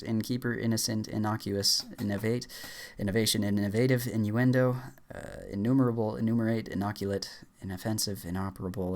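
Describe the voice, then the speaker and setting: A young man with a somewhat low voice fires off dictionary words one after another. He trips over some of them and restarts, reading in flat, clipped bursts. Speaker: YouTuber.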